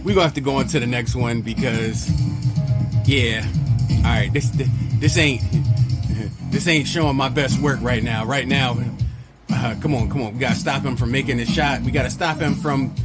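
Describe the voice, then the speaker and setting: A man's voice: medium pitch, moderate pace, over loud music. A man hosting his gaming channel, chatting casually in slang and cheering himself on while he plays. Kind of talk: casual gameplay commentary.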